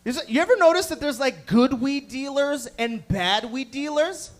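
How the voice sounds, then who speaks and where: Stand-up comic, male, high-pitched, swears freely, chats up the front row. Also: expressive, normal speed. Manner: profane, riffing with the audience, acting out voices. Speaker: stand-up comedian. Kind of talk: stand-up set with crowd work. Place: comedy club stage.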